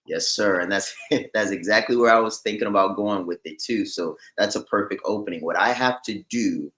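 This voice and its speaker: Low-voiced business owner in echoey room. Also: male voice, normal speed, a bit bright. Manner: open and easygoing. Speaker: podcast guest, business owner. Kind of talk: casual podcast chat. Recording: roomy echo.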